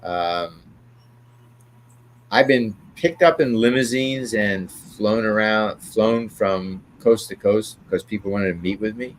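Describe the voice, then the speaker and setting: A man's voice: lowish voice, slow pace, a little hiss or hum. An older man, an interview guest, telling rambling show-business stories and checking in with "right?" as he goes. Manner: rambling, tags remarks with "right?". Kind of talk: anecdotal storytelling.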